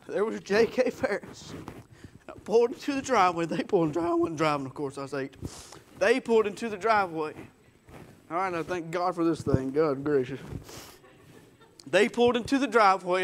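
Male preacher, high voice, folksy testimony storyteller. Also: pushed and bright. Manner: folksy storytelling, acts out quotes. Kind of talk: sermon testimony.

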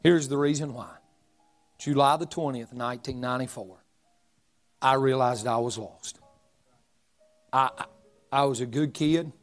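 A man's voice: mid-range voice, measured pace, long pauses, faint music behind. Folksy preacher man in his forties. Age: 40s. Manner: folksy, humorous, animated storytelling. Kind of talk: storytelling sermon.

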